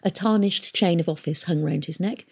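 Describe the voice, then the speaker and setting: A woman reading a novel aloud in a steady, measured storytelling voice. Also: fairly low pitch, gravelly, slightly rough. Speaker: audiobook reader.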